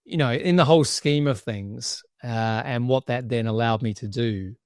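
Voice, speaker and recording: A man's voice: mid-range voice, moderate pace, darkish tone, dry recording, studio quality. A man guesting on a podcast, telling a personal story candidly with frequent restarts. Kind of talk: casual interview chat.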